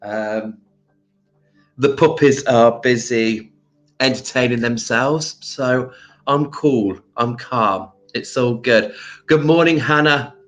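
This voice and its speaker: A man hosting a casual crystal livestream, greeting viewers by name with endearments and pausing often with ums. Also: mid-range voice. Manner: slow, hesitant with frequent ums. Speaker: crystal shop livestream host.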